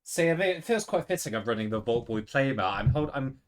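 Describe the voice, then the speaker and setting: Brief: man, co-host, animated pitch, self-deprecating jokes, casual table talk. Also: fast talker. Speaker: player and co-host. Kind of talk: casual game chat.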